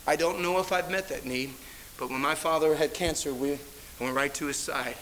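A man's voice: a little high, moderate pace, fairly bright tone, a little hiss or hum, poor audio. A middle-aged man preaching a sermon as a pastor, telling stories in a rambling way with many restarts. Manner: rambling anecdotal delivery with frequent restarts. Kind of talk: storytelling sermon.

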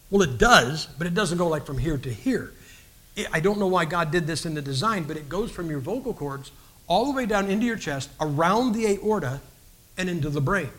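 Man, guest preacher, personal testimony, folksy and earnest, restarts often, high pitched. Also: sharp tone.

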